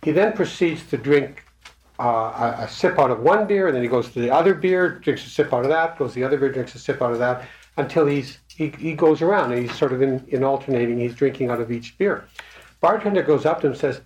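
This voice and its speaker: Halting man in an echoey room. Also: medium pitch. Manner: hesitant, many fillers and restarts. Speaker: speaker at a recovery meeting. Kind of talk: casual talk to a group. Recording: echoey room, faint noise.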